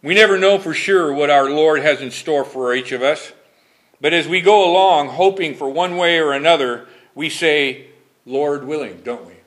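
A man's voice: fairly high pitch, moderate pace, fairly bright tone. A man preaching a Bible study. He reads scripture verses formally, then comments on them in a conversational way and asks his congregation questions.

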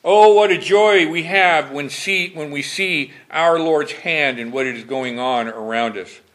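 A man leading a Bible study sermon, his voice bright and forceful and pitched a little above most men's. He reads the old verses in a formal cadence, then drops into easy, conversational commentary. Now and then he puts questions to his listeners. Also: measured pace. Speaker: preacher.

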